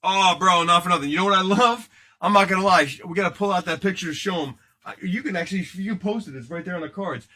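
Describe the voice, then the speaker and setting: A man's voice: sits high, fast talker, pushed and bright. A man hosting a casual live card break, joking and rambling as he chats with viewers while opening packs. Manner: joking, rambling, banters with chat.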